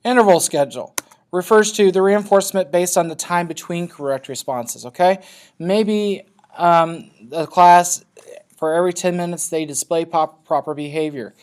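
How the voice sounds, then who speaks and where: A man's voice: high voice, moderate pace, smooth. Guy teacher talking through a class lesson, casual, keeps checking okay?. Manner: loose, checks in with frequent "okay?". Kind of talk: classroom lecture.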